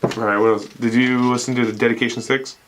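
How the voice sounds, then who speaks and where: A man's voice: medium pitch, flat delivery, fast, fairly bright tone, a little hiss or hum. A young man co-hosting a podcast, telling rambling, profane stories in casual banter and laughing often. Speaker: podcast co-host.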